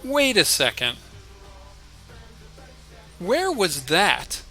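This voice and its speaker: Bright-voiced man streaming a card game. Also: high-pitched, huge pitch swings, extremely slow, faint music behind. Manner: thinks aloud, chatty, talks to opponent and chat. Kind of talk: live game commentary.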